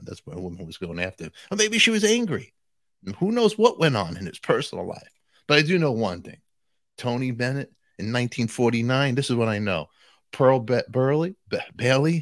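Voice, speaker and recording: Animated chatty male channel host. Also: medium pitch, brisk, dry recording. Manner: animated, jokey, addresses viewers directly. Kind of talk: chatty commentary to viewers.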